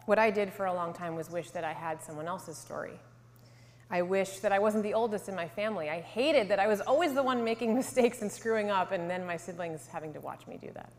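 A woman in her thirties, from Connecticut, tells her faith testimony to a live audience. She speaks earnestly and sinks to a near hush on the tender lines. Her voice rings with the long reverb of a large hall. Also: medium pitch, fairly quick. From Connecticut, USA. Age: 30s. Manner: earnest storytelling, drops to a soft hush for emotional lines.

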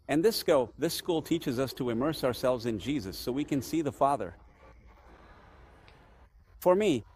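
A man's voice: medium pitch, a little mellow, a little hiss or hum. Earnest priest teaching his parishioners. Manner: earnest, emphatic, asks rhetorical questions.

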